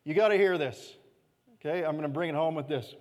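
A male pastor with a high voice preaches in an easy, conversational way, often asking "okay?" and letting key phrases sink to near-quiet. His voice rings out with the long reverb of a church hall. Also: a little fast. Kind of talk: sermon.

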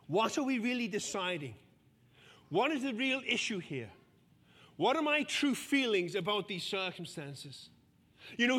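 A man's voice: very high voice, sharp tone. A man in his fifties preaching a sermon, telling stories with self-deprecating humor. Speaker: pastor. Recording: long church-hall reverb.

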